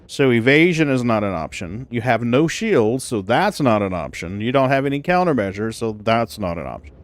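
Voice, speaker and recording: A man live-streaming a game in an easygoing, blunt way, with a voice pitched right in the middle. He grumbles and curses about the game's mechanics, then drops into soft baby talk with his cat. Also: very animated, normal speed. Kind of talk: casual live-stream chat.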